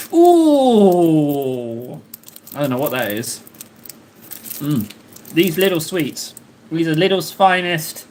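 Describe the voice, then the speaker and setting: A man with a fairly high voice that swoops up and down, chatting to his live-stream viewers. He rambles, jokes and talks straight to the chat, and a faint hiss sits under his voice. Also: fairly bright tone. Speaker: livestream host.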